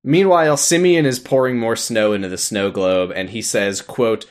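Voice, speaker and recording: A man's voice: mid-range voice, moderate pace. A man co-hosting a podcast, casually recapping a TV episode in a wry way. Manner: wry, quotes characters in put-on voices. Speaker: podcast co-host.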